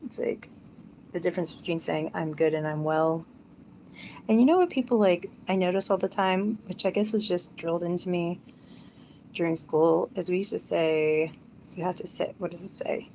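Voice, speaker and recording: A woman's voice: on the low side, moderate pace, dark tone, slight background noise. A young woman rambling casually on a live stream, chatty and self-mocking.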